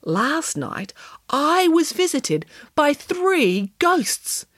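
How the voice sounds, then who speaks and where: A proud, excitable nanny makes grand announcements with a lively, swooping pitch, as a woman reads her lines. She is wild about chocolate and loves a dramatic reveal. The sound is dry and close. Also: extremely slow, dry recording, heavily acted.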